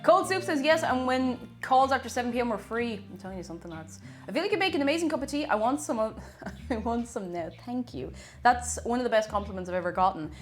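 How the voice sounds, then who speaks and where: A woman's voice: a little high, lively intonation, fast talker. A young Irish woman chatting casually with viewers, reading chat aloud and thanking them as she bakes. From Ireland. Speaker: streamer. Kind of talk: casual live-stream chat while baking. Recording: faint music behind the voice. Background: faint background music.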